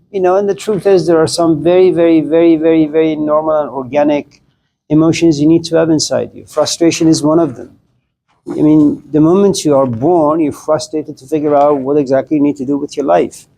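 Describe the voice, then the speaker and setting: A man's voice: a little high, low-quality recording. Conversational middle-aged male lecturer. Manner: conversational, animated, acts out quoted voices. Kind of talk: philosophy lecture with anecdotes.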